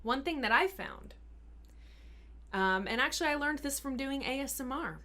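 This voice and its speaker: A woman health coach answering questions in a live Q&A. She talks in an earnest, encouraging way, explains things step by step, and sometimes slows down and softens her voice to show calm speaking. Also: high voice. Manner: sometimes drops to a slow, soft voice to model calm speaking. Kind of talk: live Q&A advice talk.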